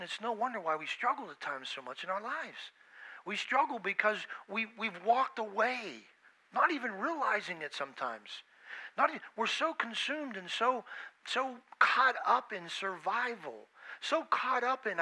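A man's voice: sits high, animated, unhurried, sharp tone, low-quality recording. A man preaching a sermon with emphasis, repeating phrases and acting out the voices he quotes. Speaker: pastor.

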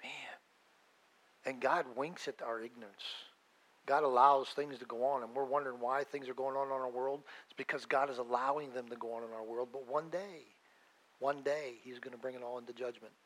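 A middle-aged male pastor preaching a sermon with emphatic swings between loud declarations and hushed asides. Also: mid-range voice, steady tone, brisk, rough recording.

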